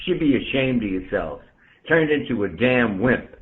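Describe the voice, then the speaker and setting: A blunt, ranting man from the Bronx holds forth on an amateur radio channel, his voice swinging up and down with lively emphasis. He keeps calling out other listeners by name. The sound comes through a narrow, tinny radio transmission. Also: medium pitch, normal speed. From the Bronx, New York. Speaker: ham radio operator. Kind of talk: on-air ranting chat.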